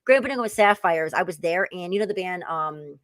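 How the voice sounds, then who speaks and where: A woman's voice: on the low side, animated, brisk, a bit bright, dry recording. Chatty woman in her 40s rambling through stories, lots of likes and ums, dry mic. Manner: chatty, rambling, laughing storyteller. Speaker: guest. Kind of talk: casual chat, storytelling.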